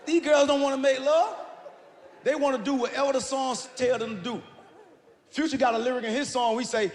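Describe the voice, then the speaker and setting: A stand-up comedian works the room in a very high, animated voice, shouting his punchlines and acting out his stories. The sound carries a long hall reverb over faint room noise. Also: brisk, gravelly. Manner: loud, animated storytelling with shouted punchlines and acted-out quotes. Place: stage in a large hall with a live audience.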